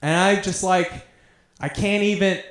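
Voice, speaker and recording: A man's voice: high voice, fairly even intonation, unhurried, a bit bright. Profane, self-mocking male stand-up comic. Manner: profane, self-deprecating storytelling. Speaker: stand-up comedian. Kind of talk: stand-up comedy set. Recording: echoey room sound.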